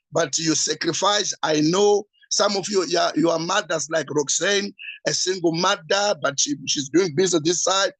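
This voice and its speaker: Urgent preacherly man, higher voice. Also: fairly bright tone, no room sound, poor audio. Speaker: pastor promoting a business. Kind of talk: motivational sales pitch.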